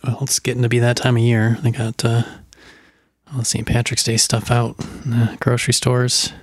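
A man's voice: mid-range voice, completely flat delivery, normal speed, husky, dry recording, clean studio sound. A young man co-hosting a podcast, laid-back and hesitant, often trailing off. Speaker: podcast co-host. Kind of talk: casual chat.

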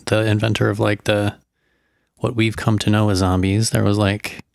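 A man's voice: lowish voice, flat delivery, normal speed, vocal fry, dry recording, studio quality. A young man co-hosting a podcast, laid-back and hesitant, often trailing off. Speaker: podcast co-host. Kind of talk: casual chat.

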